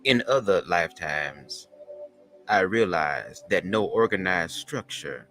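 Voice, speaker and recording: Man doing a grand older Southern woman poet: slow, solemn recitation, low and bright. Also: lively intonation, faint music behind, heavily acted. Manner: slow, measured, dramatic recitation. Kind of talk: dramatic poem reading.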